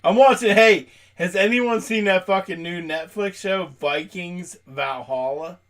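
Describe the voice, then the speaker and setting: A man's voice: sits high, a little slow, a bit bright. A man co-hosting a podcast, chatting casually in loose, profane banter and laughing often. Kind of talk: casual chat.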